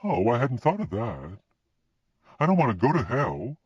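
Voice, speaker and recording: A proud, distraught woman with a sharp tongue, as a male reader puts her on. The voice is pitched high, lively and emphatic, a little husky. It is heard on a dull, lo-fi recording. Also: moderate pace, no echo. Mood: rueful. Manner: raised pitch, emphatic and indignant.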